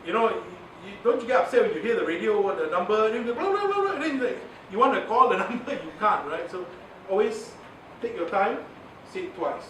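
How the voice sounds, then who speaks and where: In a high, fairly quick, slightly bright voice, a man with a Malaysian English accent leads a chatty workshop on media communication. Malay words and frequent laughter pepper his talk, heard through an echoey, far-off, noisy recording.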